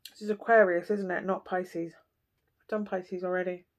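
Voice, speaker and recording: A woman's voice: fairly low pitch, little pitch movement, moderate pace. A woman giving a casual tarot reading, talking bluntly and chattily with lots of fillers. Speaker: tarot reader.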